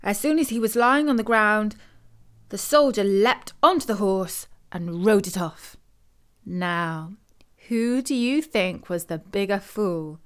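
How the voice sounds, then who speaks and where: A woman's voice: medium pitch, slow pace, smooth. Woman narrating a storybook tale.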